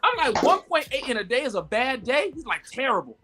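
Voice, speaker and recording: A man telling a story in casual live-stream talk, animated and full of "like" and "yo", jumping high when he quotes people. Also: a little fast, over music. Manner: animated, acts out quotes with sudden high pitch jumps; frequent fillers "like" and "yo". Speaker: guest entrepreneur.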